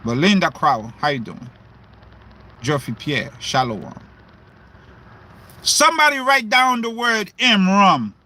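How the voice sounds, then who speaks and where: A man preaching in a livestream sermon, questioning his listeners, repeating himself and breaking into shouts. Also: sits high, expressive, slow pace, pauses often.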